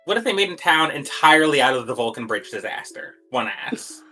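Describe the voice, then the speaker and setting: A woman's voice: sits low, big pitch swings, fairly quick, sharp tone, faint music behind. A player joking around while introducing her character, with playful asides. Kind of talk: casual chat.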